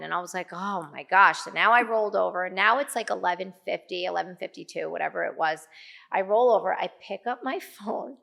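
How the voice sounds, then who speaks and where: With a mid-range, fairly bright voice touched by vocal fry, a middle-aged podcast guest shares a story from her own life. She's talkative and full of fillers, voicing her own lines and other people's as she goes.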